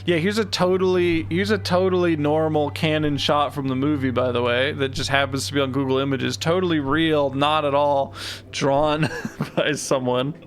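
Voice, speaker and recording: A man's voice: fairly high pitch, steady tone, moderate pace, slight background noise. A young man streaming a game, joking around, swearing and laughing often. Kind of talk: casual game stream commentary.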